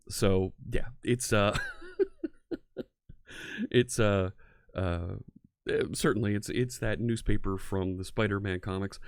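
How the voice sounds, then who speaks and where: His voice sits lowish and a little mellow, recorded cleanly in a studio with no room sound. An American man from near Philadelphia, United States, he hosts a casual live-coding stream, greeting viewers, chatting, and quick to laugh.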